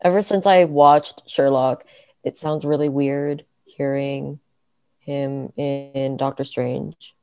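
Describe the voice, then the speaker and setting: Low-voiced woman co-hosting a casual podcast. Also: steady tone, takes it slowly, warm tone, clean tone, no room sound. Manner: opinionated, teasing, hesitant fillers. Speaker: podcast co-host. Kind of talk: casual chat among friends.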